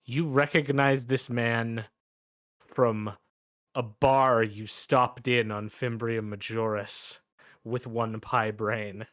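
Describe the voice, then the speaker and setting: A man's voice: mid-range voice, fairly even intonation, fairly bright tone, no echo, clean studio sound. Casual male game master. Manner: casual, halting, lots of restarts. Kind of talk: narrating a tabletop game.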